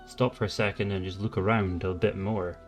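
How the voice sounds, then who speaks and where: Low-voiced man playing a tabletop game. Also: steady tone, brisk, faint music behind. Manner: hesitant, lots of fillers and repeats. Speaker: player. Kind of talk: casual tabletop game chat.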